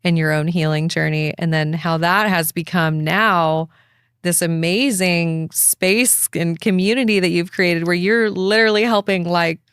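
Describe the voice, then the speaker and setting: A woman's voice: fairly low pitch, fairly even intonation, a little slow, fairly bright tone, smooth, no echo, clean studio sound. A woman hosting a podcast, speaking in an affirming way and asking reflective questions. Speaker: podcast host. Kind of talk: supportive interview conversation.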